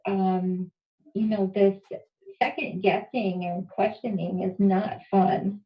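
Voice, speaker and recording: Slow-talking woman caller on an echoey line. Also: mid-range voice, level tone. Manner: slow, grateful, laughs easily. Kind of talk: talk radio call. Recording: echoey, muffled phone line.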